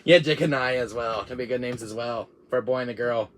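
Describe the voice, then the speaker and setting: A man's voice: mid-range voice, fairly quick, a bit bright. Giggly rambling man. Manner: giggly, rambling, laughs often. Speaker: gaming channel host. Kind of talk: casual vlog monologue.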